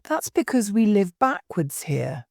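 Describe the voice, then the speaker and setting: A woman voicing a fussy, scatterbrained old queen who talks in a high, fluttery way and breaks into wailing cries. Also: big pitch swings, unhurried, vocal fry, a little mellow, no echo, studio quality, heavily acted.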